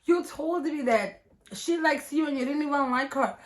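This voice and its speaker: A woman's voice: high voice, very slow, a little mellow, reverberant, slight background noise, pitched above the performer's own voice. A woman voicing a furious young woman who is cursing and accusing her cheating boyfriend, in a storytime video.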